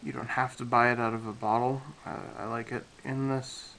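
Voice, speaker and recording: A man casually talking through a scale model build, with relaxed, rambling speech and many fillers, a little out of breath. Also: medium pitch, normal speed, vocal fry, slight background noise, rough recording.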